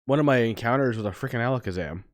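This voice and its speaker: A young man co-hosting a podcast, chatting casually with frequent laughs and quick asides. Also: medium pitch. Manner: laughs often, lively asides. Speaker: podcast co-host. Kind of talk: casual chat.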